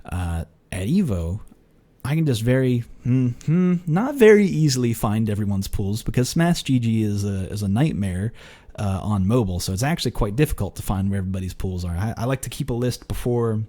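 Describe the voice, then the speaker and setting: A man's voice: animated, brisk, mellow. A young man hosting a podcast, telling a story in a rambling, filler-heavy way with restarts, casual swearing and laughter. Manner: laughs and jumps in pitch when acting out quoted exchanges. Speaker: podcast host.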